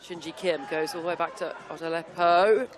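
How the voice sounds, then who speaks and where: A woman giving brisk live football commentary with jokey asides. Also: on the low side, fairly even intonation, soft background music, a faint crowd. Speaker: play-by-play commentator.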